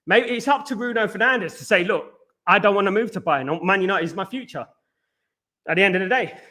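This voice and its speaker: Host type: man, out of breath, high bright voice, chatty, keeps saying "absolutely.". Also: brisk. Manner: chatty, repeats "absolutely" and "big up". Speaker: host of a football live stream. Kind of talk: casual live-stream chat reading viewer comments.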